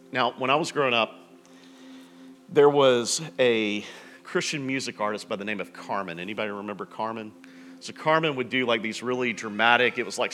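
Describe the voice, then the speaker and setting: A man preaching a sermon in a relaxed, conversational storytelling way, with frequent restarts and asides. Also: mid-range voice. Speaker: pastor.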